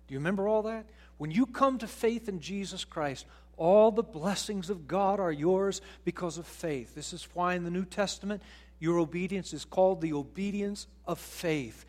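High-pitched guy preaching, goes from quiet to loud, acts out voices sometimes. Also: normal speed. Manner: preaching with wide swings from hushed to loud; acts out quoted voices, putting on an excited high voice. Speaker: pastor. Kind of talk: sermon.

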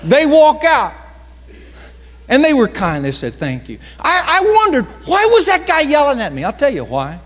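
Male pastor, animated storyteller, lots of pitch movement, long church-hall reverb. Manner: dramatic storytelling with slowed emphasis and acted quotes. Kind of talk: sermon storytelling.

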